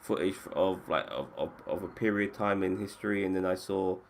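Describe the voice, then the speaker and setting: A man with a fairly low voice hosts a relaxed talk about games. He swears easily and trips over his sentences, and there is a faint hiss behind him. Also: brisk. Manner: casual, swears freely, restarts sentences. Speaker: podcast host. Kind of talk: casual chat about games.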